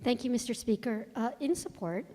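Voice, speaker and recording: A woman, a state legislator, explaining a measure in floor debate in a measured way. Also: on the high side, mellow. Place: large legislative chamber. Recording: long chamber reverb.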